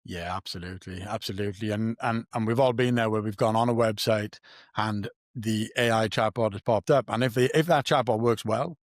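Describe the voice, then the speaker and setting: Low-voiced man musing earnestly. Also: steady tone, a little fast, no room sound, clean studio sound. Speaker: podcast host. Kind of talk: casual conversation.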